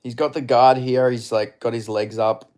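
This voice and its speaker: A man streams live fight commentary, excitable and swearing, and chats with his viewers between rounds. His voice is mid-range and his pace moderate.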